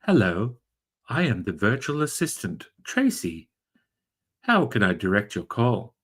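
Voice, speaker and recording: A man's voice: on the low side, very animated, a little slow, a bit bright, full character voice. A man voicing a politely unhelpful female automated phone assistant.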